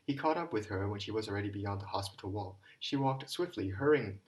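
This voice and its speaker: A man's voice: fairly low pitch, expressive, brisk, rough recording. Guy reading an old novel aloud, amateur, stumbles sometimes. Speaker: audiobook reader.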